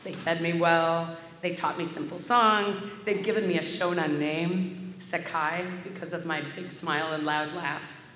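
A woman's voice: fairly low pitch, steady tone, measured pace, a bit bright, a little hiss or hum. A woman minister delivering a sermon as a vivid personal story. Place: large church sanctuary. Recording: echoey hall with faint ambience.

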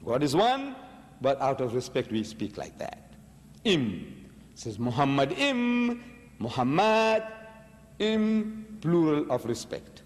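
A man's voice: mid-range voice, huge pitch swings, a little slow, in a large hall. A man giving a religious lecture, arguing emphatically with rhetorical questions. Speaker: preacher.

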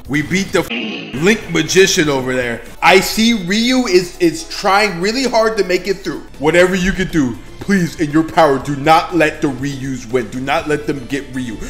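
Trash-talking and cursing, a male gaming YouTuber narrates his gameplay excitedly, sinking into mutters before bursting out in shouts. His voice sits on the high side and the sound is roomy.

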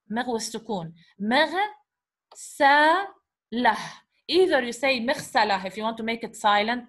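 A woman teacher, her voice sitting a little high. She walks learners through sounds patiently, repeating syllables slowly and checking in with questions. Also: a bit bright. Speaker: Arabic teacher. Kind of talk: teaching an Arabic letter lesson in English.

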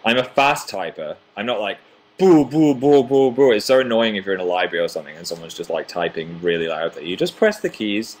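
A man's voice: low-pitched, big pitch swings, fast talker, few pauses. A young man in his twenties casually chatting on a home livestream, reading viewer comments aloud with self-deprecating humor. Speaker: livestream host.

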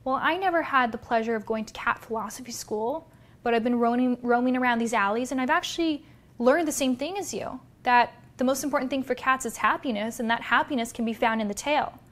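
Woman as unhurried wise old alley cat, soft and quiet, measured delivery. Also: on the high side, lightly acted. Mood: calm.

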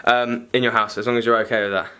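A man's voice: mid-range voice, little pitch movement, fast, bright, forceful tone, smooth. A young man in a scripted first-person skit, rambling awkwardly with nervous fillers while delivering a parcel. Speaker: clothing brand creator delivering a parcel.

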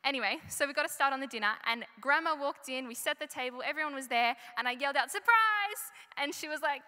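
Young aussie woman doing a kids talk at church, bright and chatty, big echoey hall. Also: high-pitched, quick pace. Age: young adult. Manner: chatty storytelling, asks the audience questions. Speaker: children's story presenter. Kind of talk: children's talk in church service. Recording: live church recording with long reverb.

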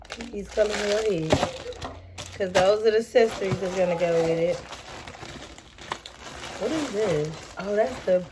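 A woman's voice: medium pitch, moderate pace, pauses often, noisy background. A woman vlogging in casual chat, talking to her viewers directly as she unpacks and shows off purchases. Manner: chatty, talks to viewers as y'all.

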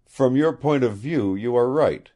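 A man's voice: medium pitch, expressive, unhurried, dark tone, voice pushed up. A man reading the part of a young law officer, speaking firmly and with authority. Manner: firm, commanding. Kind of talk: audiobook character reading.

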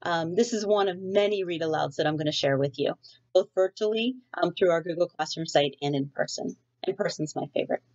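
A woman's voice: fairly low pitch, fairly quick, darkish tone, highs cut off. A middle-aged woman teacher chatting in a friendly way with many fillers, reading a storybook aloud to students from home.

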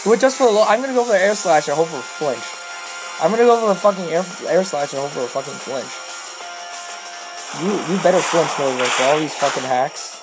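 A young game commentator mutters quick, half-swallowed strategy between swearing, exasperated outbursts over bad luck. The voice sits at a middling pitch. Soft music plays faintly underneath. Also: rough recording. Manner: rushed, mumbled strategy talk between outbursts. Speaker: video game player commentating own battles. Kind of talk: gameplay commentary.

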